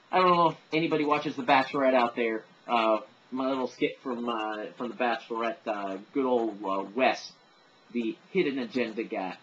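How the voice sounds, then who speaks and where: A man's voice: mid-range voice, moderate pace, fairly bright tone, a little hiss or hum. Rambling man with a dull lo-fi recording. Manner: rambling, lots of fillers and self-deprecation. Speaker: amateur voice impressionist. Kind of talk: casual monologue.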